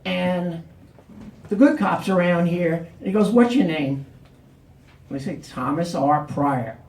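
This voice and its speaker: A man's voice: sits high, unhurried. A middle-aged man telling a personal story live, acting out the other people's lines. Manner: animated, acts out the cops' lines. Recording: roomy, distant mic.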